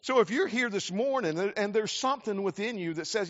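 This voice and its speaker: A man's voice: high-pitched, lively intonation, fairly quick, a bit bright. A man from South Carolina, preaching a sermon earnestly, often repeating words as he restarts. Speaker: pastor. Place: church sanctuary. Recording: muffled church hall with long reverb.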